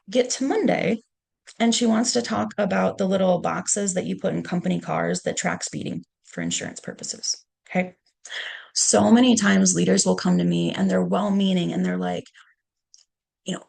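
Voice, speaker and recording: A middle-aged woman giving a leadership talk, telling stories from her career in a conversational way and often pausing on "okay". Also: lowish voice, steady tone, creaky, a little mellow, breathy edge. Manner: conversational, punctuates points with "okay". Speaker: leadership speaker. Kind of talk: storytelling presentation.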